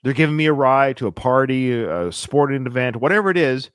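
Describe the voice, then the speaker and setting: A man co-hosting a podcast, talking in a sarcastic, animated way and laughing often. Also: mid-range voice, brisk, smooth, dry recording, clean studio sound. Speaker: podcast co-host. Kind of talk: casual podcast chat.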